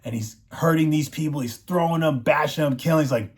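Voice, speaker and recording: A man's voice: on the high side, fast, darkish tone. A man hosting his own show, giving an enthusiastic, rambling recap of a TV finale and loosely acting out the lines of the characters in his own voice. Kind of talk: enthusiastic casual episode recap.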